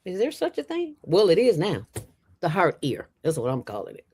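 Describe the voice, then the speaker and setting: Lively, low-voiced middle-aged woman. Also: a little hiss or hum. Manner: animated, emphatic, preachy and playful; fast talker from years on radio. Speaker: guest, nonprofit founder. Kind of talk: casual interview chat.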